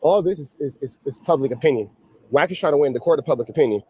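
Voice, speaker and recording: A man hosting his own show, giving casual commentary in a brisk, assertive way. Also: on the high side, expressive, a little mellow, husky. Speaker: show host.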